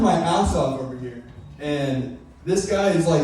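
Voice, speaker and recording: A man's voice: fairly high pitch, measured pace, darkish tone, soft background music. A young man doing a stand-up set at an open mic, telling an embarrassing story with loose, profane rambling and many fillers. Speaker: stand-up comedian. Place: small club at an open mic night. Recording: echoey club from far off.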